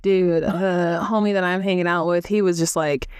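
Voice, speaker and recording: A woman's voice: on the low side, fairly even intonation, normal speed, a little mellow, clear, resonant tone, dry recording, studio quality. A woman co-hosting a casual podcast chat, talking bluntly with plenty of swearing. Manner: blunt and profane, laughs easily. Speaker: podcast co-host.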